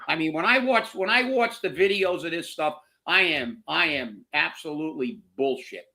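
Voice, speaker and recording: Fired-up, bright-voiced ranting man. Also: on the high side, lively intonation, moderate pace. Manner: heated, profane, repeats words when worked up. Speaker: co-host of political commentary show. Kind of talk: angry political rant.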